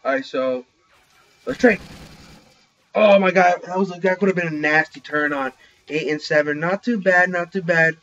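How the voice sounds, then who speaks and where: A young man giving excited live commentary while playing an online shooter, talking into a headset. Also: on the high side, moderate pace, long pauses. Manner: excitable, reacting loudly to kills. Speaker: gaming channel host. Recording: slightly dull lo-fi recording.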